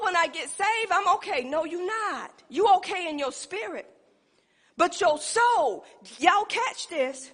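A woman preaches with emphatic call-and-response in a church. Her voice sits very high and sounds bright and forceful. A long reverb from the church hall trails behind her words. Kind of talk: sermon. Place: church sanctuary.

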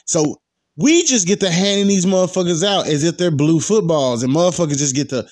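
A young man in his twenties spins a rowdy story with loose, profane slang and a lot of energy. His voice sits a little on the high side and sounds close and dry, with no room around it. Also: brisk, dry recording. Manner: animated and profane, heavy slang. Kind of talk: casual storytelling.

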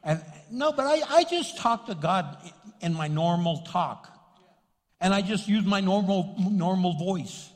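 A lively man with a New Mexican accent preaches a sermon to his church, joking and acting out voices. His pitch swings widely from phrase to phrase. His voice rings with a long hall reverb. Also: a little slow. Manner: animated, joking, acts out voices. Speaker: pastor. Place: church sanctuary.

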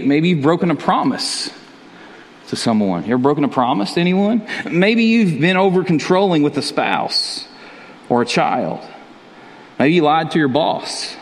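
Guy preaching a casual sermon, kinda high-ish voice, lots of echo like a big church. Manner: conversational, repeats words, chuckles. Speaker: pastor. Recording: long reverb of a large hall.

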